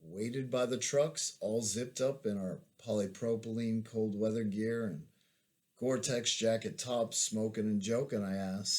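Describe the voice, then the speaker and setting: A man, an army veteran, reading his own memoir aloud in a measured, plain-spoken way. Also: fairly low pitch, steady tone, a little mellow.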